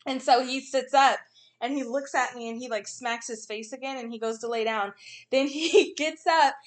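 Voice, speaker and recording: A woman in her thirties, a mother, telling animated stories in casual chat with frequent laughs. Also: high-pitched.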